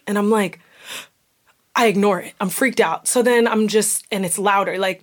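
Brisk and mid-range in pitch, a young talk show host tells a candid personal story in a casual, animated way, performing the voices of the people she quotes.

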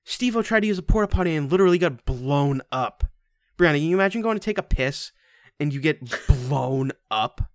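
A man co-hosting a casual podcast chat, excitable and crude, jumping into high-pitched voices to act out quotes. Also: a little fast, dry recording, studio quality. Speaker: podcast co-host.

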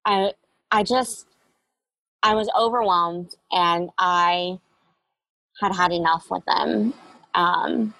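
A woman's voice: lowish voice, slow, creaky, pauses often, bright, forceful tone, no room sound, low-quality recording. Young woman guest, candid storyteller, reflective, dry close mic. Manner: candid, reflective, with frequent fillers. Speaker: interview guest. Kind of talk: personal storytelling interview.

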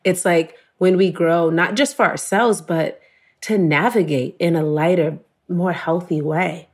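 A woman's voice: on the low side, measured pace. A woman telling an emotional personal story in an earnest, conversational way, full of "like" and quoting her own thoughts. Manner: earnest, emotional, fillers of "like", quotes herself.

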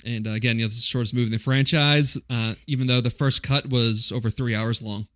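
A man's voice: medium pitch, fairly even intonation, fast talker, a bit bright. A man hosting a casual podcast chat, laid-back and chuckling as he leads the questions. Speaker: podcast host.

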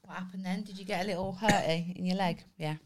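A woman co-hosting a podcast, joking in excitable, sweary banter. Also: on the low side, fast, slight background noise. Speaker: podcast co-host. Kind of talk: casual chat.

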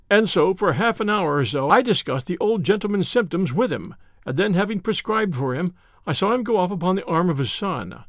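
A man narrating a classic detective story in an expressive reading style, voicing its characters. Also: sits high, brisk, no room sound, clean studio sound. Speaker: audiobook narrator.

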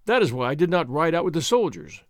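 A man's voice: a little high, big pitch swings, quick pace, dry recording, studio quality. A man voicing an arrogant army captain who speaks in a formal, self-assured, boasting way. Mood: boastful.

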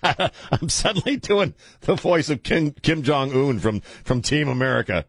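A man's voice: mid-range voice, sing-song, measured pace, husky, no room sound. A man hosting a casual talk radio show in a studio, rambling, joking and laughing with crude asides. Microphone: studio mic.

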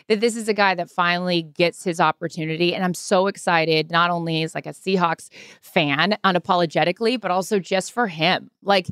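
A woman's voice: on the low side, fairly bright tone, clear, resonant tone, no echo, studio quality. A woman from Seattle co-hosting a sports podcast, chatting in a rambling, emotional way with lots of fillers. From Seattle, USA. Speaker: podcast co-host, sports reporter. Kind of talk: casual chat.

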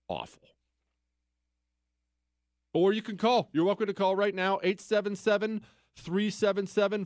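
A middle-aged man hosting a talk radio show, reading listener mail and ranting emphatically, jumping from loud exclamations to low mutters. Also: no room sound, studio quality.

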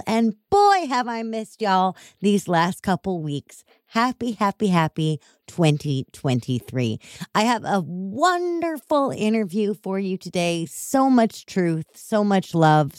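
A woman's voice: medium pitch, dry recording, studio quality. Effusive woman hosting a podcast. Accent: Chicago. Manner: effusive, upbeat, playful wordplay. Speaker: podcast host.

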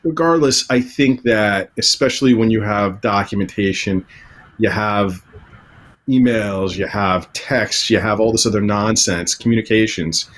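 A man's voice: on the low side, measured pace. A man appearing as a lawyer guest on a talk panel, giving frank, opinionated takes drawn from his courtroom experience. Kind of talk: casual panel discussion.

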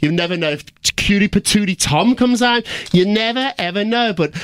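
A man co-hosting a podcast, telling gossip in an excitable, emphatic way. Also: high-pitched, moderate pace, smooth. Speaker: podcast co-host. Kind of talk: casual podcast chat.

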